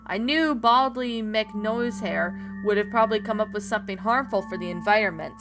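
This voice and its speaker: A woman's voice: mid-range voice, normal speed, close to an everyday voice. A woman voicing a smart young male fox who talks earnestly, with music behind her.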